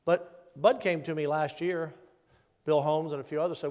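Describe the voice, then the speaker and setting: An older man with a fairly high voice tells stories in a folksy, emphatic and combative way as he takes audience questions. He speaks in a large conference hall, and his voice carries a long reverb. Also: steady tone, normal speed, a little mellow. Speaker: lieutenant governor answering audience questions. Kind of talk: casual conversational Q&A at a policy conference.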